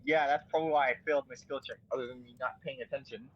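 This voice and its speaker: A man's voice: mid-range voice, fairly even intonation, rapid-fire, highs cut off. A man chatting casually while gaming, nervous and stammering, restarting his sentences.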